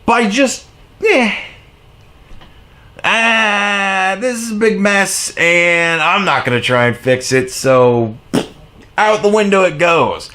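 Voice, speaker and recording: Brief: male vlogger, furious sarcastic rant, swears constantly, high voice that swings wildly. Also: expressive, slow, long pauses. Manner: heavy profanity, sarcastic and mocking; exasperated, shifts between shouting highs and low mutters. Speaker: commentary vlogger. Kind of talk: angry political rant.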